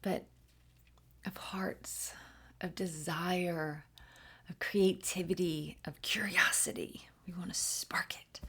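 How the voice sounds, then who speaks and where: A woman giving a channeled spiritual reading, playful and giggly, often dropping into soft whispers. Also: fairly low pitch, creaky, breathy edge. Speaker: spiritual reader.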